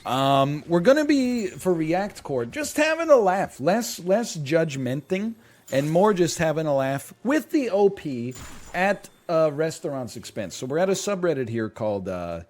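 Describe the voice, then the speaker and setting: Young guy streamer reacting to posts, super lively up and down voice, mocking and sarcastic. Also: a little high, unhurried. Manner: animated, mocking, swings into sarcastic put-on quotes. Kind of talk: casual reaction commentary.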